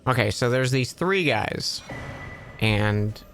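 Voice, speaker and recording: A man's voice: mid-range voice, animated, slow pace, a bit bright, soft background music. A male streamer casually telling a long joke on a live stream, rambling and interrupting himself with restarts. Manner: rambling, self-interrupting storyteller.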